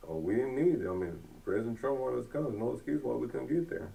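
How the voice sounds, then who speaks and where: A man's voice: mid-range voice, expressive, quick pace, vocal fry, warm tone, far from the mic, poor audio. A father telling a story in an interview, plainspoken with many fillers.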